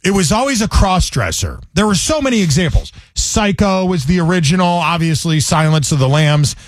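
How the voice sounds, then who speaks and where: A man's voice: high-pitched, animated, fairly quick, no echo. A man hosting a comedy talk show, ranting in a sardonic, joking way in casual chat. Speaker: comedy podcast host.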